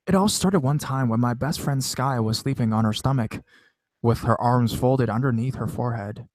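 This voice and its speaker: A man's voice: medium pitch, darkish tone, no echo. Casual man reading horror stories. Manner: casual, profane, conversational. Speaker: horror story narrator. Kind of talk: reading viewer-submitted scary stories.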